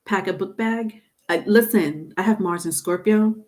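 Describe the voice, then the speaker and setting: A woman's voice: medium pitch, normal speed, darkish tone. A middle-aged woman giving a casual tarot livestream. She talks in a chatty, repetitive way and laughs often. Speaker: tarot reader.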